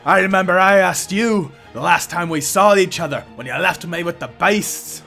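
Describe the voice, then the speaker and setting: A man putting on a high, gruff, sneering drifter who talks down to his old companion. He is loud and full of scorn, and the voice sits well above the game master's own. Soft music plays behind him. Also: normal speed, exaggerated voice. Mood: scornful. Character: bitter, scornful disheveled man with a grudge.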